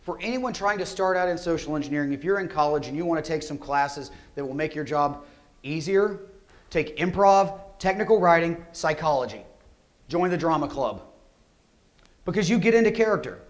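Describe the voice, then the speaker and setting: A man giving a security conference talk, energetic and conversational, often asking rhetorical questions. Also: a little high, normal speed. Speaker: conference speaker. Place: conference hall.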